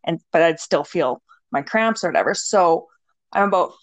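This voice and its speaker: A woman's voice: lowish voice, expressive, normal speed, no room sound. A young woman co-hosting a podcast, telling her own story in a casual, candid way, swearing freely and acting out what people said. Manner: candid and swearing, acts out quotes. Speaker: podcast co-host. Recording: dull, dry lo-fi sound.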